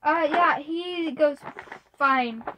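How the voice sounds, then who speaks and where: A young woman running a casual tabletop game as game master, rambling and halting with many fillers. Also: high voice. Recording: faint background noise.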